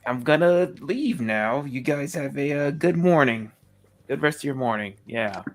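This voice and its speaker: A man's voice: medium pitch, expressive, measured pace. A man playing in a tabletop game who talks in a rambling, awkward, hesitant way. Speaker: player. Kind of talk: tabletop role-play. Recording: faint background music.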